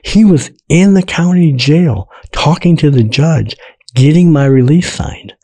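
A man recounting his story as an interview guest, his voice dark and mellow. He tells it with energy, slipping into the voices of the people involved and laughing along the way. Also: fairly high pitch, measured pace, slightly rough. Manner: animated storyteller, acts out voices, laughs often. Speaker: guest telling his testimony.

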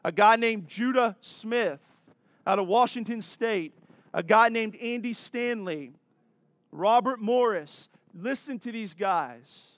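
Higher-pitched pastor preaching. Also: male voice, slow pace, a bit bright, dry recording. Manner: earnest, exhorting, with laughs and asides. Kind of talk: sermon.

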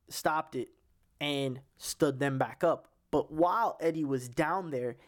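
A man's voice: a little high, a little mellow. A young man hosting a casual sports podcast, rambling with many restarts and fillers. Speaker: podcast host.

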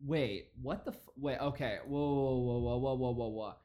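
A young man doing casual reaction commentary, profane and mocking with rapid-fire rants. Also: medium pitch, fairly even intonation, dark tone.

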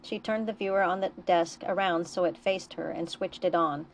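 Author-narrator, woman, steady storybook reading, low register. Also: normal speed, slight background noise. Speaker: author reading her fiction. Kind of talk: reading a novella aloud.

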